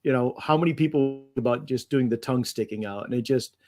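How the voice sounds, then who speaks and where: Man, co-host, friendly questions, quick, casual. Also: mid-range voice, darkish tone, faint music behind. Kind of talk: casual interview talk.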